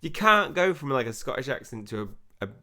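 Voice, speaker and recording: A young man with a hoarse voice, laughing often as he comments on a game and reads its character lines aloud in put-on voices. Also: mid-range voice, sing-song, a little fast, bright, forceful tone, dry recording, studio quality. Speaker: gaming channel host. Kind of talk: let's-play commentary, reading game dialogue aloud.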